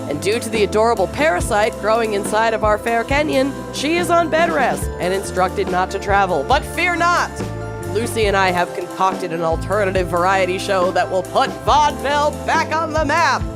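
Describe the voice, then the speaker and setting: A woman's voice: mid-range voice, lively intonation, normal speed, music in the background. A woman reading a scripted show announcement in a theatrical, announcer-like way.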